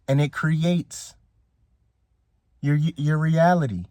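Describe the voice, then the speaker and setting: A man's voice: a little high, slow pace, darkish tone, no room sound. A man giving a casual motivational talk as a coach, emphatic and preachy, who repeats his phrases for effect. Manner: casual, slangy speech. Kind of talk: motivational speech to camera.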